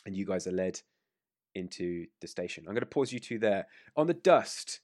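Low-voiced game master. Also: male voice, expressive, a little mellow, no echo, clean studio sound. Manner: casual, with fillers and quick rulings. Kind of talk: narrating a tabletop game.

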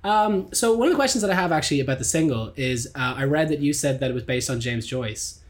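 A man's voice: mid-range voice, fast talker. Laughing, chatty man. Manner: animated storyteller who laughs often. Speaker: podcast host. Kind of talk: casual chat. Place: small city flat.

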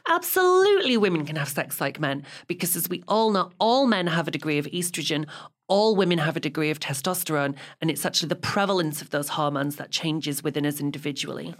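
Wry, measured woman podcast co-host. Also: low-pitched, expressive. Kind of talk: casual chat reviewing a TV series.

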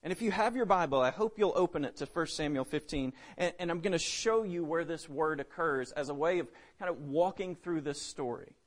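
Guy preaching a sermon, high voice, goes loud then drops real quiet. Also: brisk, few pauses. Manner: dynamic, swings between loud emphasis and hushed drops.

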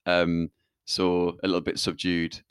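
A Northeast English man opens his football podcast with a relaxed welcome. His voice is low, and the sound is dry and close to the mic. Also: a little slow, clean tone, no echo. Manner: easygoing, laughs often. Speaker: podcast host. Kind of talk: casual podcast chat.

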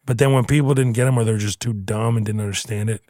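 A man's voice: on the low side, fast, no room sound. Swearing man in his thirties, dry sound. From Houston, Texas. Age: 30s. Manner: animated, swearing, playful banter. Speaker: comedian co-host. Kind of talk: casual chat.

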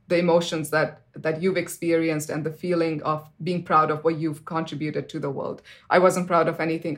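A woman in her thirties, an interview guest, telling a personal story earnestly, with fillers like "you know" and sudden jumps up in pitch when she acts out what people said. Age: 30s.

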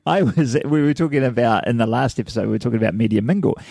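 A man's voice: medium pitch, racing, creaky, warm tone, dry recording. A man from New Zealand co-hosting a casual podcast, often laughing and rambling with restarts. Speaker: podcast co-host. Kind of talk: casual chat.

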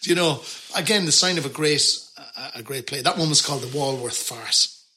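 Irish guy on a podcast, very bright voice, chatty, pokes fun at himself. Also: mid-range voice, moderate pace, slight background noise. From Ireland. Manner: chatty storyteller, self-deprecating. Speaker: podcast guest. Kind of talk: casual interview chat.

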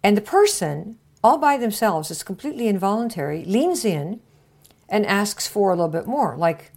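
A woman hosting a marketing podcast, coaching listeners in a casual way and acting out little conversations with bright shifts of tone. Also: medium pitch, moderate pace, vocal fry. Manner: acts out little dialogues with lively shifts of tone.

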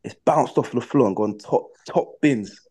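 Brief: young man, footballer guest, animated slangy storyteller, mid-pitched voice. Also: measured pace, slightly rough. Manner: animated, slangy, acts out his own past reactions. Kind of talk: casual storytelling in a podcast interview.

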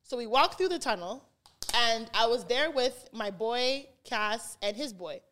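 Brief: young woman, slightly high voice, lively podcast storyteller who keeps saying "like". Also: measured pace. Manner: animated, heavy use of "like", acts out quotes. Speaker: podcast guest. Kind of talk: casual storytelling chat.

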